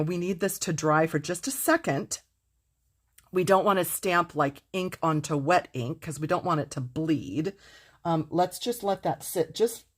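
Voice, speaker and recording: In a casual card-making demonstration, a middle-aged woman with a lowish voice speaks right to her audience, full of gushing excitement.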